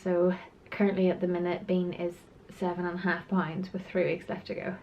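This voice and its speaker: A woman's voice: lowish voice, flat delivery, a little fast, gravelly, highs cut off, a little hiss or hum. Breathless woman chatting in a vlog. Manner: chatty and apologetic, with frequent sighs and laughs. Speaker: vlogger.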